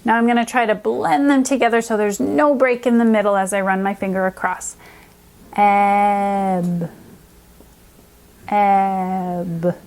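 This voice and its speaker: A woman's voice: a little high, vocal fry, darkish tone. Encouraging woman teaching phonics to kids. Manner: upbeat, encouraging, slow careful sound modeling. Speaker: reading specialist teacher. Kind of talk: children's phonics lesson.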